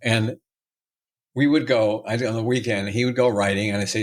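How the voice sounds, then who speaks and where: A man's voice: on the low side, fairly even intonation. An older man, an entertainment lawyer guest on a podcast, telling stories theatrically and slipping into mimicry and jokes. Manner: theatrical storyteller, quick to mimic and joke. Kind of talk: conversational podcast interview.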